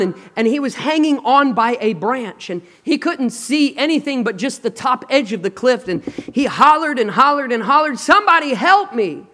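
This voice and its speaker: A male pastor with a strikingly high voice delivers a sermon in a large auditorium. He moves between emphatic declarations and quiet, hushed lines, and invites the congregation to answer him. A long hall reverb trails after each phrase. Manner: emphatic, dramatic swings between loud and hushed, call and response.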